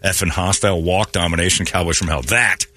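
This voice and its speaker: A man hosting a morning radio show, telling stories in a jokey, animated way. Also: low-pitched, a little fast. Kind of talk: casual radio banter.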